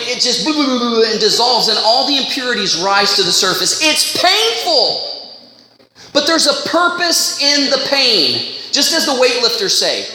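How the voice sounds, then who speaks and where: A male preacher giving an animated, impassioned sermon that mimics other voices. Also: very high voice. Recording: echoey hall with faint noise.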